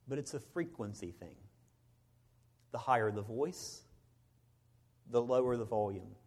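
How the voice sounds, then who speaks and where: A middle-aged man, a preacher, telling a personal story in a sermon, swinging between loud bursts and hushed moments. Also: mid-range voice, a little slow.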